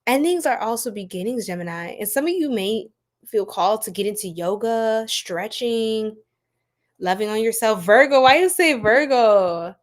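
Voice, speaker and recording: A woman's voice: on the high side, expressive, moderate pace. A woman tarot reader, chatting and joking with viewers on a live stream and laughing often. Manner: laughing a lot, playful, chatty.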